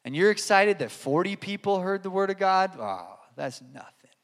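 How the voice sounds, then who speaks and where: A man doing a hushed, taunting devil. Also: high-pitched, a little fast, big-room sound. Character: whispering taunting devil, male, scornful.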